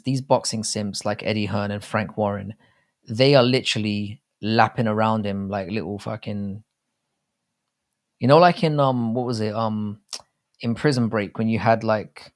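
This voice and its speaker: A British man talks through a live stream, his voice sitting a little low. He rambles loosely and swears freely, in a chatty, off-the-cuff way. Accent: British English. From Britain. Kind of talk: casual live chat.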